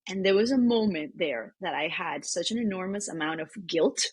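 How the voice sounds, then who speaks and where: A woman's voice: fairly low pitch, lively intonation, normal speed, husky, no room sound. A woman from Venezuela, an optometrist in her thirties or forties, telling personal stories in an interview with lots of "you know" fillers. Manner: warm, rambling, many "you know" fillers. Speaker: optometrist and practice owner, guest. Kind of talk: emotional personal storytelling in an interview.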